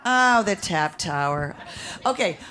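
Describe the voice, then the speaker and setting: A woman hosting a live stage interview, chatty and animated with quick asides. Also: fairly low pitch. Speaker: host. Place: live venue with audience. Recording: live show with crowd and noise.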